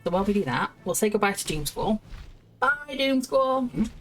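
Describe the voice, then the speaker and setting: A woman's voice: medium pitch, very fast, soft background music. A woman streaming a video game, chatting casually, laughing to herself and reading quest text aloud. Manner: chatty, giggly, talks to herself.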